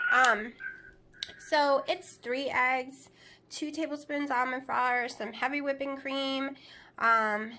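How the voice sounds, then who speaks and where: A woman's voice: sits high, very noisy. A woman, chatting casually to camera as a vlogger, rambling with many fillers and asides.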